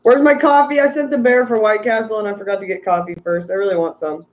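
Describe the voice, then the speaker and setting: High-voiced tired man rambling on a stream. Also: steady tone, quick pace, muffled recording. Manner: rambling, ranting, reads chat aloud. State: tired from little sleep. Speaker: aquarium fish livestream host. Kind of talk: casual livestream chat.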